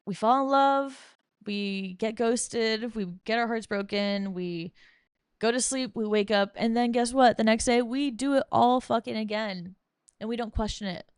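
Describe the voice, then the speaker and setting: A woman's voice: on the high side, measured pace, clear, resonant tone, dry recording, clean studio sound. Blunt, foul-mouthed young woman ranting. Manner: profane, blunt, sarcastic; reading from bullet points. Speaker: podcast host. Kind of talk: casual ranting monologue.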